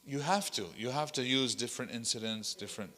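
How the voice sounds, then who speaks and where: A man's voice: mid-range voice, brisk, bright, forceful tone, big-room sound. A man, an imam, leading a workshop, who tells stories animatedly, acts out what others said, and mixes Arabic phrases into his talk. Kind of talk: workshop teaching with told stories. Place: hall of an Islamic center.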